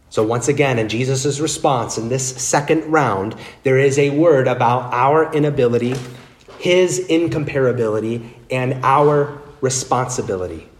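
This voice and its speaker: A man's voice: mid-range voice, echoey room. A male pastor preaching a sermon, speaking earnestly and addressing listeners directly.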